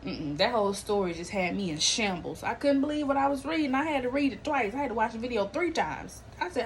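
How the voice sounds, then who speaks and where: With a slightly high voice, a woman hosts a podcast at a fast clip, on a rough recording with a little hiss or hum. She chats about celebrities and viral news animatedly, full of slang, laughing often and acting out quotes.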